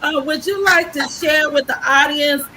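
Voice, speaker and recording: A woman hosts a live stream show, bubbling over with excitement as she calls in her guests. Her voice sits high and sounds bright. A faint hiss runs under the video-call audio. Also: normal speed, low-quality recording. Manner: excited, effusive, laughing and shouting greetings. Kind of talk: enthusiastic live stream introductions.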